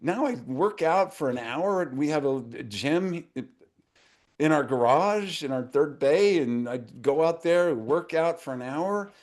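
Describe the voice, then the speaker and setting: A man in his seventies, speaking as a guest in a casual interview. His voice sits fairly high for a man, and he tells his stories earnestly. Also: lively intonation, a little slow, darkish tone. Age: 70s. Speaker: guest author.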